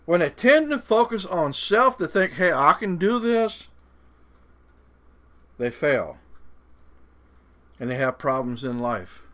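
A man preaching a sermon in a folksy way, slowing down with dramatic pauses to stress the verses he reads and mocking doubters in a put-on voice. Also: fairly high pitch, very animated, fairly bright tone.

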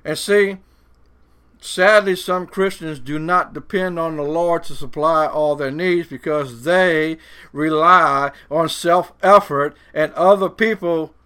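The sermon comes in a folksy style from a man whose voice is fairly high, fairly bright and smooth. He uses dramatic pauses to slow down and stress the verses he reads, and he mocks doubters by putting on a voice.

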